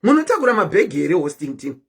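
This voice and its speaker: A woman's voice: lowish voice, sing-song, fast talker, vocal fry, husky. A woman hosting a live stream, chatting casually and keeps asking her viewers questions.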